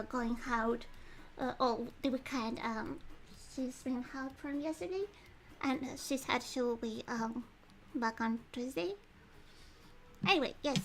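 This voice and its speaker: A bubbly woman streaming a game, with a high voice that chats, laughs and reads lines aloud while she eats. A faint hiss sits under her voice. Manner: chatty and giggly, eating and talking with food breaks. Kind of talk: casual livestream chat while reading a game aloud.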